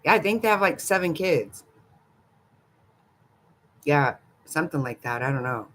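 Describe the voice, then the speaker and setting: Slow-talking older woman, giggly and gossipy. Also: low-pitched, lively intonation, a bit bright. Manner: giggly, gossipy, talks back to chat. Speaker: livestream host. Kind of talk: casual live chat with viewers.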